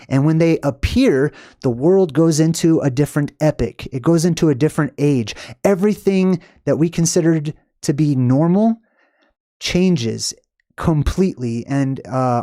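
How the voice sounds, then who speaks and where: A man's voice: fairly high pitch, dark tone, no room sound. Guy hosting his own stream, rambling lore explainer, lots of ums and "right?", dry close sound. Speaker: channel host. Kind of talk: casual livestream lecture.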